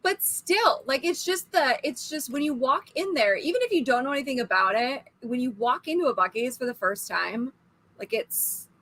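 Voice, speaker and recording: Bright-voiced woman in her thirties chatting. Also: high-pitched, moderate pace. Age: 30s. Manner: chatty, laughs often, animated storytelling. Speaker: co-host. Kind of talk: casual livestream chat.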